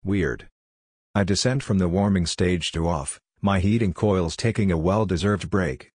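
A man narrating a story in an even, measured reading. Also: low voice, breathy edge, dry recording, studio quality. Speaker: audiobook reader.

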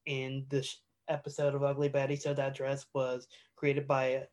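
In a medium-pitched, slightly mellow voice with a completely flat delivery, a male podcast co-host talks at a moderate pace. It's casual, rambling chat, packed with fillers and restarts.

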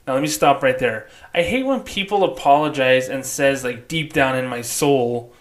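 A man's voice: on the high side, lively intonation, normal speed, few pauses. A man hosting an opinionated commentary podcast, talking in a blunt, sarcastic and outspoken way. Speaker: podcast host.

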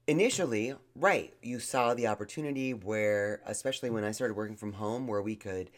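A man's voice: lowish voice, fairly quick. Blunt, sarcastic man podcast co-host. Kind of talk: casual mock-therapy chat.

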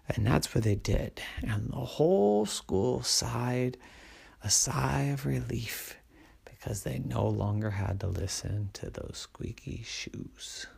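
A man telling a whispered bedtime story in a soft, hushed, lulling way. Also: mid-range voice, lively intonation, slow pace, gravelly, slightly rough.

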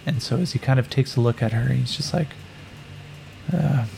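Low, gravelly male game narrator. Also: slight background noise, low-quality recording. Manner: relaxed and unhurried, with many fillers. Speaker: solo tabletop game narrator. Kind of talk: narrating a solo tabletop game.

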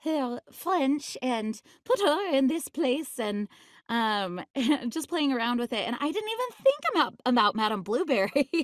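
A woman's voice: sits high, big pitch swings, unhurried, dry recording, studio quality. A woman voice actress chatting in an interview, bubbly and laughing often, with many fillers. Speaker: voice actress guest. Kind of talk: casual interview chat.

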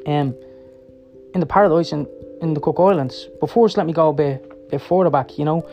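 A man's voice: on the high side, dull audio. A middle-aged man, telling blunt personal stories with heavy swearing, checking in with "right?" as he rambles. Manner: rapid, rambling, seeks agreement with "right?" and "yeah?". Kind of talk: personal storytelling monologue. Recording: faint music behind.

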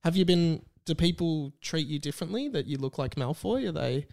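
A woman's voice: sits low, expressive, brisk, vocal fry, darkish tone. A woman hosting a podcast in casual chat, joking, teasing and often laughing. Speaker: podcast host.

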